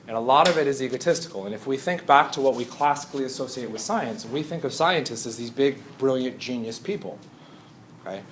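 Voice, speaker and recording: A man's voice: medium pitch, animated, fairly quick, slight background noise. A man teaching a chemistry class in a conversational lecture, often checking in with his students. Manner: conversational, often asks "Right?".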